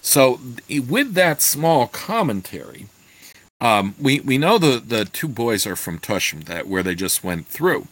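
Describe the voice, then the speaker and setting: A man reading a fantasy novel aloud, then pausing to comment with halting asides. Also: medium pitch. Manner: slow, expressive, halting in asides. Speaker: reader.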